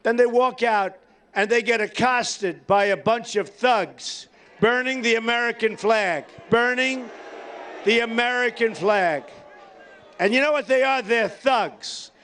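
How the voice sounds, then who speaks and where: An older man giving a campaign rally speech to a large crowd, boastful and rambling, repeating himself and sometimes shouting. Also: very high-pitched, unhurried, a little hiss or hum. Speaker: political candidate at a campaign rally. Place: large rally venue before a cheering crowd.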